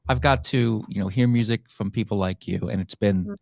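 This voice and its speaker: A man's voice: fairly low pitch, moderate pace, gravelly, dry recording. Effusive English male host, dry sound. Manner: effusive, gushing with praise. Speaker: podcast host. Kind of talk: casual interview chat.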